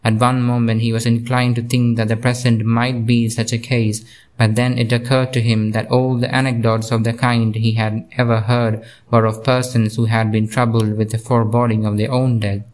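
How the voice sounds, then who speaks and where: A man narrating a classic novel as an audiobook, reading in a steady, measured way. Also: mid-range voice.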